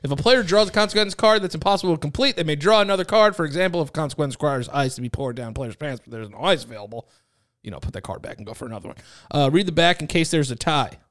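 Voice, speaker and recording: A man's voice: a little high, lively intonation, rapid-fire, a bit bright. A man co-hosting a podcast, reading game rules aloud and bantering loosely with plenty of swearing. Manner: loose, profane, joking banter. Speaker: podcast co-host.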